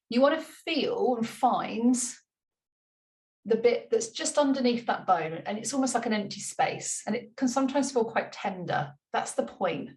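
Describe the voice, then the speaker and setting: A woman walks through a tapping routine in easy, chatty talk, and she laughs at herself now and then. Her pitch sits in the middle range. She is recorded from some distance in a roomy, echoing space. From United Kingdom. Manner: light-hearted, laughs at herself, repeats gentle instructions. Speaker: money mindset coach. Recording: roomy room, mic at a distance.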